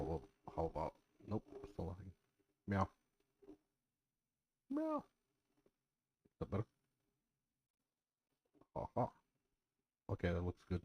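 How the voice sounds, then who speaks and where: Man, very deep voice, gaming creator, mutters to himself, jokey, lots of fillers. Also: dark tone, breathy edge. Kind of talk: casual mic check and scripted game commentary.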